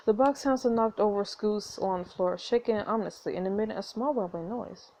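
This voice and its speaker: A woman's voice: mid-range voice, brisk, hardly any pauses. A woman reading a story game aloud, breaking off into giggly commentary between passages. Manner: lively, giggly asides between read passages. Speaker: game playthrough narrator.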